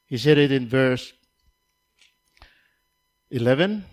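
A man delivering a sermon in a mid-range voice. He teaches in a measured way, repeating key lines for emphasis, and builds to a raised, emphatic preaching tone. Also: mid-range voice, a little mellow.

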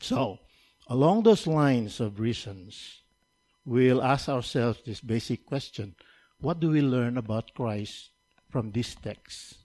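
A man preaching a sermon, who repeats key points and builds from quiet, measured teaching to raised, emphatic preaching. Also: medium pitch, animated.

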